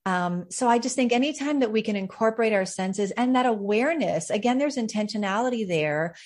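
A woman's voice: a little high, lively intonation, fairly quick, a little mellow. A woman hosting a faith podcast, talking reflectively with frequent fillers. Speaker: podcast host.

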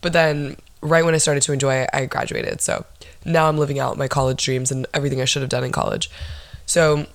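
A woman in her twenties hosts her own podcast, telling stories bluntly and with lots of swearing. Her voice has a gravelly, creaky edge. The sound is close and dry. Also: a bass voice, fairly quick, no echo. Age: 20s. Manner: blunt, profane, animated storytelling. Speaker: podcast host. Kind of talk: casual solo chat.

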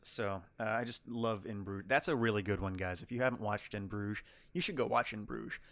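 A man's voice: lowish voice, moderate pace, a bit bright, no echo. Guy rambling through a movie recap, restarts a lot, dead dry mic. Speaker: podcast co-host. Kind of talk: casual film review chat.

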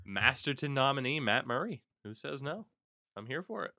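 Male host, casual sports chat: very bright, animated delivery, dry close sound, profane. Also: mid-range voice, normal speed, gravelly, no room sound. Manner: reads out hockey news, swears freely. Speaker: podcast host.

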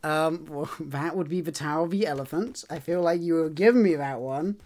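This is a man in casual podcast chat whose tone is playful and animated. He reacts quickly and slips easily into mock protest. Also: a little high. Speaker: podcast co-host.

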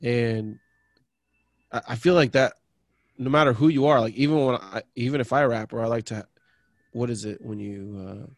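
A man's voice: mid-range voice, moderate pace, pauses often, dry recording. A man co-hosting a podcast, talking in a rambling way that trails off, swearing freely. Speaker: podcast co-host. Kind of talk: casual chat.

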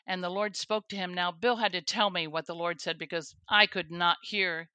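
Woman, testimony interview, earnest storytelling, bright tone, dry recording. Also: on the low side, steady tone, normal speed, hardly any pauses, no room sound. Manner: earnest storyteller, with laughs and restarts. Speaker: guest.

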